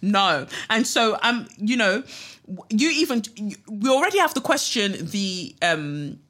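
A woman co-hosting a podcast, blunt and animated with mocking asides. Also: medium pitch, measured pace. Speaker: podcast co-host. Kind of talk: casual chat.

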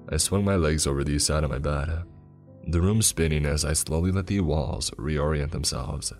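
Very deep-voiced male horror narrator. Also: normal speed, darkish tone, faint music behind. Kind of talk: first-person horror story narration.

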